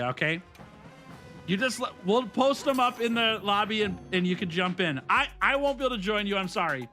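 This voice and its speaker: A bright, high-pitched man in his thirties chats easily with his live-stream viewers, upbeat and laughing often. Faint game music plays behind him. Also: animated. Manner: chatty, upbeat, quick to laugh, talks straight to chat. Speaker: gaming streamer.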